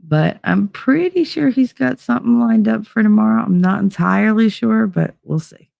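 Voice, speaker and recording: A sleepless, frazzled woman from New Jersey hosts a loose livestream, chatting with viewers and swearing freely. Her voice has a rough, gravelly edge. The sound is dry and close, with no room around it. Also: a little high, expressive, normal speed, darkish tone, no room sound. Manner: rambling, profane, reads chat aloud. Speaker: livestream host. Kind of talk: casual livestream chat.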